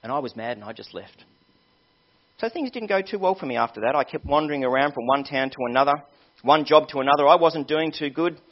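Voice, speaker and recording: A man's voice: a little high, lively intonation, quick pace, natural voice. A man preaching voices a remorseful young man going home after prison, telling his story nervously. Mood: anxious. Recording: dull lo-fi sermon recording.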